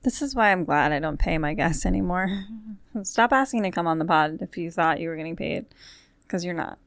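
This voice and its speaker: A woman's voice: on the low side, fairly quick, no echo. A woman hosting a podcast, talking casually in a rambling, chatty way with wry asides, recorded in a studio. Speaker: podcast host. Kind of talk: casual chat.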